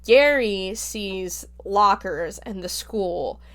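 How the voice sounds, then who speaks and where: A woman hosting a podcast walks through a book's plot in a relaxed, rambling way and leans on fillers as she goes. Her voice sits in an ordinary middle pitch for a woman. She sounds like she is chatting rather than reading from a script. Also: drawn-out words. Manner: chatty, filler-heavy retelling. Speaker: podcast host reviewing a book. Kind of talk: casual spoken plot summary.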